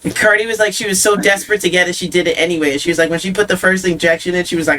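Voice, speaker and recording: Bright young woman chatting on a podcast, giggles a lot, tells stories fast. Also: on the low side. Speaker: podcast co-host, singer. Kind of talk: casual chat.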